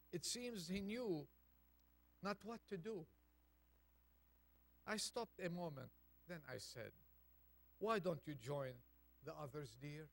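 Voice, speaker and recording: A man preaches a Thanksgiving sermon in a slightly raised, gravelly voice, taking his time with every phrase. He reads a poem gently and near-hushed, then lifts into an urgent, stirring call. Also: fairly high pitch. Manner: reads a poem aloud softly, then preaches with rising intensity.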